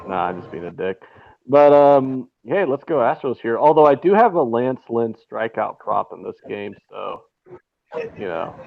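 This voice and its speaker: A man's voice: lowish voice, gravelly. A man co-hosting a casual sports betting chat, sarcastic and profane, ranting with heavy swearing over a remote call. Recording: tinny phone-like line, faint noise.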